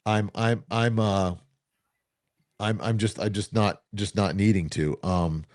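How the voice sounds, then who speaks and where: Low-voiced man telling sales stories. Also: slow, no room sound, clean studio sound. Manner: animated, anecdotal, self-assured salesman talk. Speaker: co-host. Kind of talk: casual storytelling chat.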